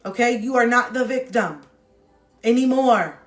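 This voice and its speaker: A woman with a higher-pitched voice hosts a livestream, speaking a little slowly as she gives spiritual advice in a blunt, preachy, slangy style. Soft background music plays, and her phone recording has a roomy sound.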